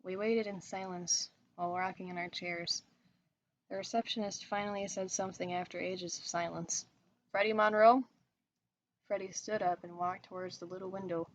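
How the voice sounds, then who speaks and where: A woman narrating a horror story in a steady, even reading voice. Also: lowish voice, moderate pace, slight background noise. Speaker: story reader.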